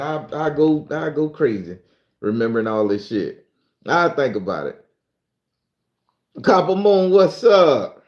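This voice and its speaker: A man's voice: medium pitch, a little mellow, roomy sound. A man from southern Florida with a Southern American accent, hosting a casual livestream and chatting loosely with viewers, stumbling when he reads aloud. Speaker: livestream host.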